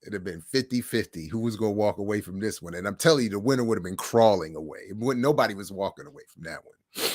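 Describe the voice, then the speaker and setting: A middle-aged man hosting a livestream, telling stories in a casual monologue with animated swings between hushed and loud. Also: on the low side, quick pace, no echo, studio quality. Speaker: livestream host.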